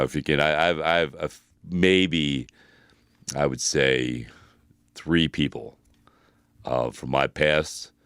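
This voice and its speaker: A man co-hosting an advice podcast in casual chat, animated and profane, breaking into loud laughter. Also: a bass voice, clear, resonant tone, no echo, studio quality. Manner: animated, bursts into loud laughter, swears a lot. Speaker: podcast co-host answering listener questions.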